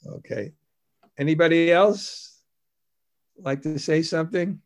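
Man, slightly higher voice, animated storyteller leading a devotional class. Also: slow pace. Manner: animated, storytelling, laughs between phrases. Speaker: spiritual teacher leading a class. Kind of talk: informal religious class discussion.

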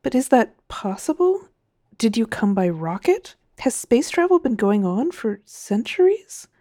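A woman's voice: fairly high pitch, very animated, measured pace, warm tone, no room sound, studio quality, pitched above the performer's own voice. A woman voicing a weary male spaceship captain who stammers out puzzled questions in a storybook reading. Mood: baffled.

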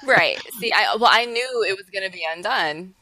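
A woman co-hosting a casual podcast chat, talking in an animated, emphatic way and laughing often. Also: medium pitch, moderate pace, no room sound. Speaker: podcast co-host.

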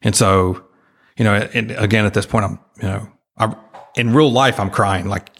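A man earnestly retelling a personal experience as an interview guest, halting and full of restarts. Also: on the low side, steady tone, gravelly, a bit bright.

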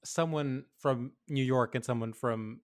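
A man co-hosting a comedy podcast in casual chat, talking in animated bursts with frequent restarts. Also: medium pitch, measured pace. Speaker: podcast co-host.

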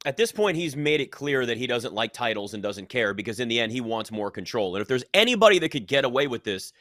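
A man's voice: medium pitch, big pitch swings, fast talker, fairly bright tone, dry recording, studio quality. A man hosting a sports talk debate, emphatic and opinionated.

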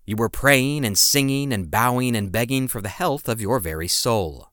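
A man's voice: mid-range voice, moderate pace, a bit bright, dry recording, studio quality. A man hosting a podcast, reading scripted history narration in a dramatic, emphatic storytelling manner with playful asides. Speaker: podcast host.

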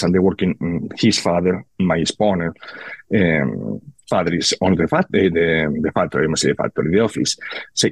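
A man with a Spanish accent from Spain, a guest on a podcast, talking casually with halting restarts. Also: on the low side, slightly rough, dry recording. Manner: halting, repeats words. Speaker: guest, cigar maker.

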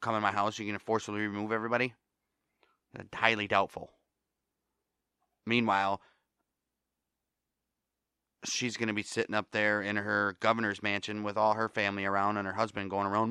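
A man's voice: on the low side, flat delivery, brisk, pauses often, bright, forceful tone, clear, resonant tone, dry recording, clean studio sound. A man with an American accent hosting a solo podcast, ranting angrily and swearing often. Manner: angry, profane ranting. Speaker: podcast host.

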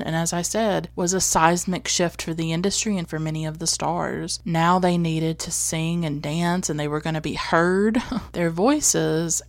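A woman with a low voice talks casually about classic movies on her podcast. She is reflective and earnest, with light laughs and the odd restart. The sound is dry and close, with no room around her. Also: no room sound. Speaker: podcast host. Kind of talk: casual film commentary.

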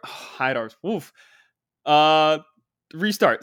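Young male host, excitable and joking, sharp bright tone. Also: on the high side, measured pace, no echo, clean studio sound. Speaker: show host. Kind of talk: comedic monologue.

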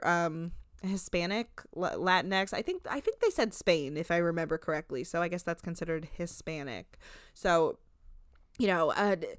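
Young Jersey-accented woman, animated host, smooth voice, dry sound. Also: lowish voice, no room sound. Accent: New Jersey. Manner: animated, laughing, profane. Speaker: podcast host. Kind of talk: casual recap chat.

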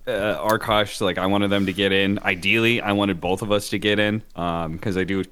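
A man's voice: fairly low pitch, steady tone, normal speed, a bit bright, clean tone. A man co-hosting a casual podcast, teasing and laid-back, with lots of fillers. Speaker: podcast co-host.

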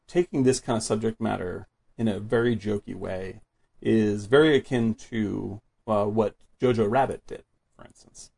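A man's voice: lowish voice, fairly even intonation, normal speed, creaky, warm tone. A man hosting a casual film discussion, chatty and filling his talk with "like". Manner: chatty, fills with "like". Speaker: podcast host.

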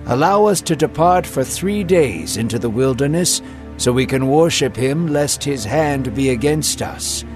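A man's voice: medium pitch, animated, measured pace, over music, lightly acted. A man voicing an earnest male spokesman who speaks formally.

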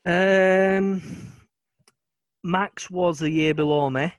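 A man's voice: high-pitched, steady tone, very slow, no room sound. A man talking casually as a guest about his early cricket years, hesitant with many ums. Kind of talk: casual chat.

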